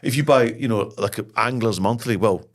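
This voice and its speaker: A middle-aged Scottish man, a podcast guest, telling lively anecdotes and jokes in casual conversation. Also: mid-range voice, fairly quick. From Scotland. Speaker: podcast guest, comedy writer and actor. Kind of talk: casual interview chat.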